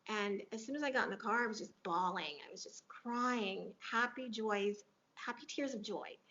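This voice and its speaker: A woman's voice: medium pitch, normal speed, bright, forceful tone. A woman guest in an interview, earnestly retelling a moving personal story and quoting what people said to her. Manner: earnest, emotional retelling with quoted dialogue. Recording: dull lo-fi audio.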